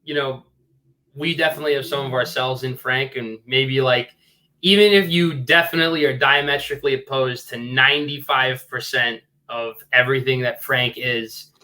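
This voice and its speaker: A man answers as a guest on a casual podcast, explaining his work earnestly. He rambles and leans on fillers throughout. His voice sounds bright and forceful. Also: medium pitch, steady tone, moderate pace. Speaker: filmmaker guest. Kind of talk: casual interview chat.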